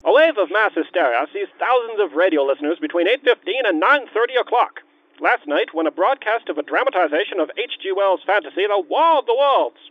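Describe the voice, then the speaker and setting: A brisk, declaiming 1930s newsreel announcer, as a man puts him on, pitched high above an everyday speaking voice. The sound is thin and tinny, like an old phone line. Each phrase is clipped and dramatic. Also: lively intonation, dry recording. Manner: clipped, declaiming newspaper headlines.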